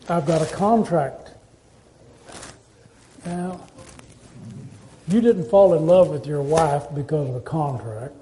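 High-voiced preacher asking rhetorical questions. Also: male voice, a little slow, pauses often, mellow, a little hiss or hum. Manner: conversational, asks the congregation rhetorical questions. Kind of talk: sermon.

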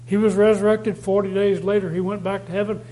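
A man preaching a sermon, reading scripture aloud and repeating key phrases slowly for stress. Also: high-pitched, little pitch movement, warm tone, a little hiss or hum, low-quality recording. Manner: reads scripture aloud with rising emphasis.

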